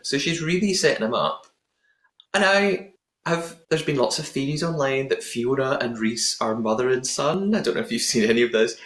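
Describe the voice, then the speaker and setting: A man's voice: mid-range voice, animated, moderate pace, a bit bright. Chatty man hosting a podcast, roomy sound. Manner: playful, punning, chatty. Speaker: podcast host. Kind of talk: casual podcast recap chat. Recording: roomy echoing room sound.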